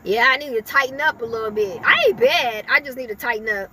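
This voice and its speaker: A woman's voice: high voice, big pitch swings, fast talker, sharp tone, slight background noise. A woman giving a casual spiritual reading to her viewers, talking in a loose, rambling way full of fillers and laughter. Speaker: spiritual reader.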